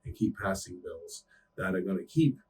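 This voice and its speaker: A man's voice: deep voice, normal speed, far from the mic, background noise. A man co-hosting a podcast, chatting casually and rambling through stories with frequent restarts and swearing. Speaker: podcast co-host.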